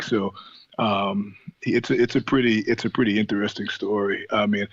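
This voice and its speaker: A man with a fairly low voice tells stories as a podcast guest, lively and profane, often breaking into laughter. The sound is dry and a little dull, like a modest remote recording. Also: normal speed, dry recording. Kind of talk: casual storytelling interview.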